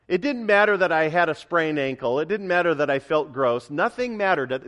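A middle-aged man preaching a sermon as pastor, emphatic and building to loud repeated declarations. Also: fairly high pitch, animated, moderate pace, hardly any pauses.

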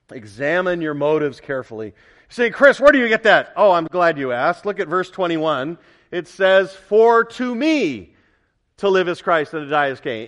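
Emphatic pastor, a man preaching. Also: fairly high pitch. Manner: emphatic, building to loud repeated declarations. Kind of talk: sermon.

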